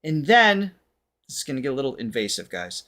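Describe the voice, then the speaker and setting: A man hosting a reaction show as a vocal coach, explaining things in a casual, animated way and laughing often. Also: medium pitch, brisk.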